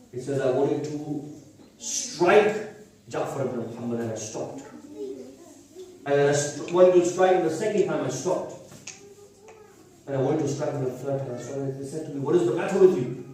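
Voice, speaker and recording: A man preaching a devotional sermon, telling the story quietly and then rising into wailing, half-sung lament. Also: on the high side. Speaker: speaker at a mourning gathering. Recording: echoey hall, voice from far off mic.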